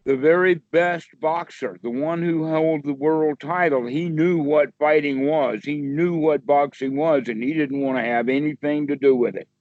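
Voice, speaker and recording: Speaking in a fairly high pitch with a darkish tone, a male meditation teacher gives a rambling, folksy explanation during an easygoing one-on-one video call. The recording is dry, with dull, lo-fi call audio.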